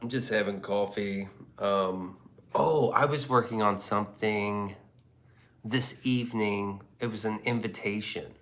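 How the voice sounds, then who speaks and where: A man's voice: on the low side, a little slow, fairly bright tone, slight background noise. A man hosting a livestream in rambling casual chat, profane and loose, often laughing. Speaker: livestream host.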